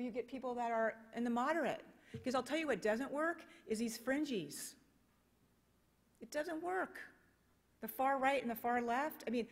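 An American woman giving a conference keynote, speaking passionately and emphatically with many rhetorical questions. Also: fairly high pitch. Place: conference hall. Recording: long reverb of a conference hall.

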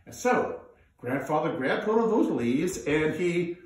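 A man telling a folk tale in an animated, drawn-out way, coaxing listeners to join in, heard in an echoey room from a distance. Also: a little high. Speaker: storyteller. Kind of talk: live folk storytelling with audience participation.

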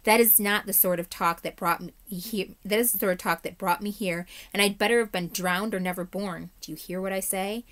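A woman voicing a wild-eyed, terrified stranger man who pleads and shouts warnings in a storybook reading. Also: sits high, steady tone, brisk, few pauses. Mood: furious.

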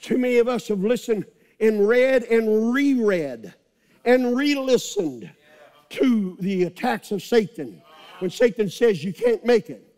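A male pastor with a strikingly high voice delivers a sermon. He preaches with fire, shouting repeated refrains to rouse the congregation. He sounds middle-aged. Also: expressive, measured pace.

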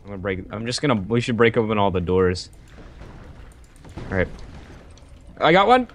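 A man's voice: fairly low pitch, fairly even intonation, fairly quick, slight background noise. A man chatting through an online game with a friend, joking and swearing, now and then slipping into silly voices. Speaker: gaming YouTuber. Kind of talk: casual gaming banter.

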